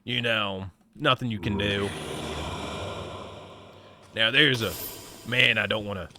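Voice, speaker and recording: A man's voice: fairly low pitch, steady tone, slow. Folksy man in a put-on cowboy drawl. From Ohio, USA. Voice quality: slightly scratchy voice. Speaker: streamer. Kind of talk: live gaming stream chat in cowboy role-play.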